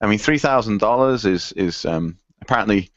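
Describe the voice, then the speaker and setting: Man, lowish voice, hesitant podcast co-host, dry lo-fi sound. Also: brisk, dry recording. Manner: rambling, hesitant, lots of ums. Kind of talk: casual tech podcast chat.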